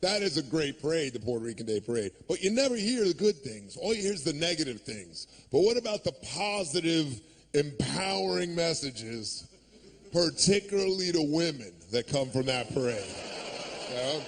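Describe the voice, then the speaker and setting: A man doing a stand-up routine on a club stage, ranting sarcastically and acting out shouted street voices on a handheld mic. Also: fairly high pitch, sing-song, normal speed. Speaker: stand-up comedian.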